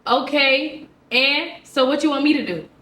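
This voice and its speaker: A woman quoting a blunt, dismissive father on the phone, in a flat and curt tone. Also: high voice, measured pace. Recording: roomy sound from a distant mic.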